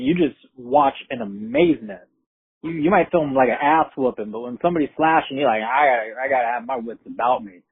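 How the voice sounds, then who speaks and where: A man's voice: fairly high pitch, breathy edge, no echo. Streetwise New man over a phone line. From Brooklyn, New York. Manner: profane, streetwise, animated retelling. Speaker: storyteller. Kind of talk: casual spoken storytelling. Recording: tinny phone-line recording.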